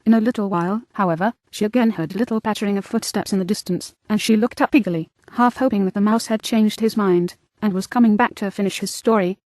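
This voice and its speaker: Brief: female audiobook narrator, measured and clear, dry booth. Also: mid-range voice, darkish tone, dry recording. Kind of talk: scripted narration.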